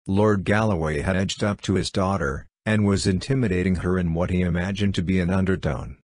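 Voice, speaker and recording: A man narrating a classic story as an audiobook reader, in a measured, even way. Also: low-pitched, dry recording.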